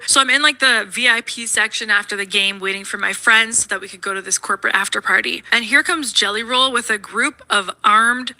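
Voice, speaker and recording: A woman recounts a scary personal experience, talking fast and snarkily with lots of "like"s. Her voice sits a little high and sounds very bright and sharp. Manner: fast, breathless retelling full of "like"s; snarky, shaken. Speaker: storyteller in a played video. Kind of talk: personal storytelling.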